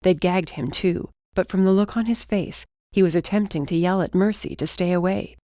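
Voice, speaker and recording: Reading from a script in a measured, steady way, a woman narrates an audiobook in a lowish voice. The studio-quality recording is dry.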